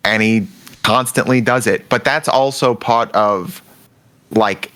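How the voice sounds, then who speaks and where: Low-voiced man in easygoing chat. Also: takes it slowly, a bit bright. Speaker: podcast co-host. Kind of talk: casual chat.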